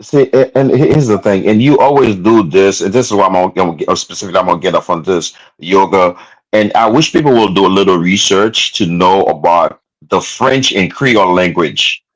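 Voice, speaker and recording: A man from Haiti, arguing in a heated debate, cutting in and spelling out words with halting restarts. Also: deep voice, poor audio. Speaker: debate participant.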